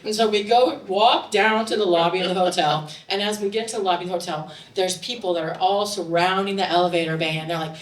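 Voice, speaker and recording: Animated woman telling a story on stage. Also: on the low side, fast, hardly any pauses. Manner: animated, grows loud and excited in the retelling. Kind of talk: live storytelling to an audience. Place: stage in a bar, audience present. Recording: roomy live recording from a distance, faint room noise.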